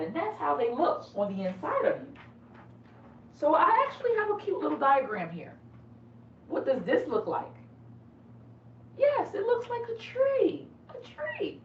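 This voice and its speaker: A woman nurse teaching children about lungs in a lively, playful way. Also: on the high side, slight background noise. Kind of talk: lesson for children. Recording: echoey, distant lo-fi room.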